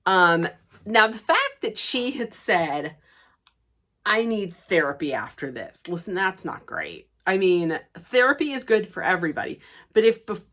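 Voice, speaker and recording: A woman's voice: mid-range voice, sing-song, normal speed, a bit bright. A woman chatting casually as she recaps a reality show, telling it like gossip and acting out the quotes. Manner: gossipy, chatty retelling that acts out quoted dialogue. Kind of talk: casual chat.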